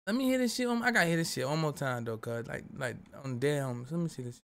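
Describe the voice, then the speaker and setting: A man's voice: on the high side, lively intonation, quick pace, gravelly, fairly bright tone. A young man, casually reacting to videos as a streamer, rambling and cursing defensively.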